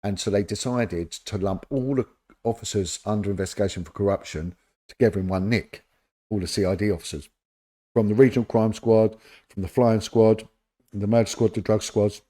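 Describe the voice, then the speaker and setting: A fairly low-pitched man speaks at a normal speed, a middle-aged former detective with a London accent. During a casual podcast interview he recounts stories with animation, voicing the people involved.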